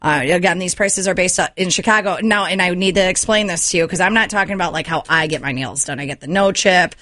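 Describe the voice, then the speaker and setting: A woman's voice: lowish voice, fast talker, fairly bright tone, dry recording, clean studio sound. Chatty upbeat woman radio host. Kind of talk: casual radio chat.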